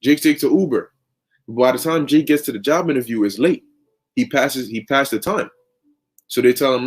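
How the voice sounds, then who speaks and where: A man's voice: medium pitch, normal speed, slightly rough. Man telling a preaching story, casual. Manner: conversational, lots of fillers and restarts, slang.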